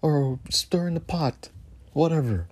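A man hosts his podcast alone, ranting angrily with heavy swearing. He hammers his points by repeating phrases again and again. His voice has a mellow, darker tone. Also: on the high side, expressive, unhurried, slightly rough. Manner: angry, profane, repeats phrases for emphasis. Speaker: podcast host. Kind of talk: heated solo rant.

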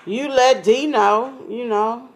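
A young woman from California hosts a laid-back radio interview. Her voice sits a little high, and her talk is chatty and playful. She is openly nosy about her guest. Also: slow pace. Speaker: radio show host.

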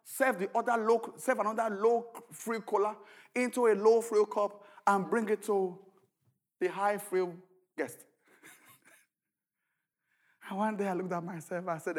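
A man preaching a sermon as pastor, shouting at the peaks and telling stories with a lively, swooping delivery. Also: high-pitched, measured pace, pauses often.

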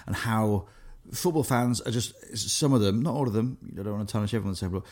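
A man's voice: fairly low pitch, quick pace, a little mellow. A young man co-hosting a podcast, chatting casually and rambling with many fillers and restarts. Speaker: podcast co-host. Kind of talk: casual chat.

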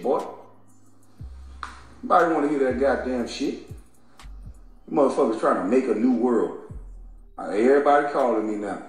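A man's voice: on the low side, moderate pace. A man delivering a profane, heated rant, taunting and mocking his targets and laughing between insults. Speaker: commentator. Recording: very echoey room with faint music.

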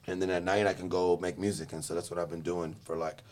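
A young man from Los Angeles in Southern California tells his life story in casual chat, rambling, swearing and laughing often. His voice is low and a little mellow, with little pitch movement, and he talks fast.

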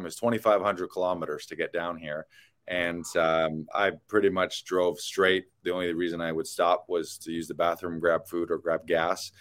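Canadian guy w/ a lowish voice, chatty podcast host, rambles with lots of ums and uhs. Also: level tone, moderate pace, fairly bright tone. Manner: rambling storyteller, many fillers. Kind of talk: casual chat.

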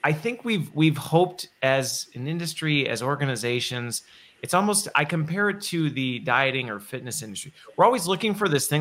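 A man with a bright, forward voice hosts a relaxed conversation. He thinks aloud as he goes, circling back and rephrasing his points before landing them. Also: mid-range voice, normal speed. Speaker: podcast host. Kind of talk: conversational interview.

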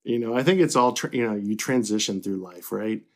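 A middle-aged man from Kentucky, a newspaper publisher, talking in a relaxed, reflective way with many fillers and restarts as an interview guest. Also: fairly low pitch, a little fast. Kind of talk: casual interview.

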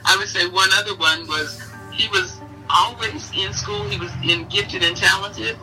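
Middle-aged woman telling fond stories, really bright voice, sounds kinda far from the mic, faint music behind. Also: mid-range voice, normal speed. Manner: fond, animated storytelling with laughter. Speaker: interview guest, mother sharing memories. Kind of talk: casual storytelling in an interview. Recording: voice heard from a distance.

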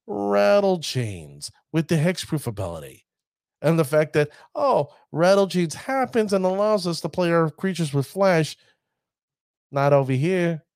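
A man giving casual commentary on a card game deck, chatty and addressing his viewers as ladies and gentlemen. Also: on the high side, very animated, measured pace, creaky, dry recording, studio quality.

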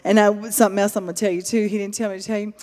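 A woman telling stories to a church audience in an animated sermon style, going from loud to hushed. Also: mid-range voice, very fast, in a large hall. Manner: animated storyteller, swinging between loud and hushed. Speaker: speaker addressing a church.

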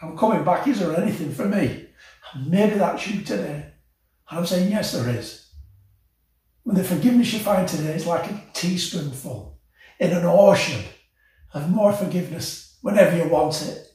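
A man's voice: fairly high pitch, expressive, a little slow, pauses often. Impassioned male preacher, picked up from a distance in a very echoey hall. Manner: passionate, rising to emotional peaks then dropping soft. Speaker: pastor. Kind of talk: sermon.

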